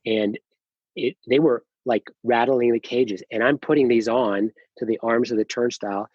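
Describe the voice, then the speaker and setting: A middle-aged man, a company founder, telling his story as a podcast guest, animated, acting out quoted dialogue, with many fillers and restarts. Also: mid-range voice, moderate pace, breathy edge, dry recording, lo-fi sound. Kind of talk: casual storytelling interview.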